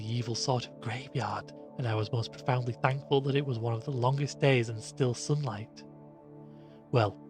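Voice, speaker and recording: A man voicing a shaken young gentleman who recounts his ordeal in a rueful, animated way. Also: medium pitch, lightly acted.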